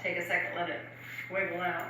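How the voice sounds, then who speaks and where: A woman's voice: lowish voice, monotone, fairly quick, very noisy. A woman instructor guiding stretches in a casual, chatty way, often adding fillers and laughing. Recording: roomy echo from far off.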